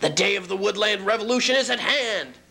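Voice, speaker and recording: A man voicing a disgruntled, hefty male raccoon who rants and threatens in a gruff, sneering voice. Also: animated, fairly quick, full character voice. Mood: ranting. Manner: ranting, with sharp swings in pitch and loudness. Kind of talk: comic story voice.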